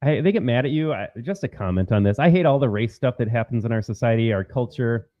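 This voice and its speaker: A man's voice: medium pitch, lively intonation, fast talker, warm tone, no echo, dull audio. A man hosting an opinionated political commentary, talking emphatically to his viewers and repeating his points.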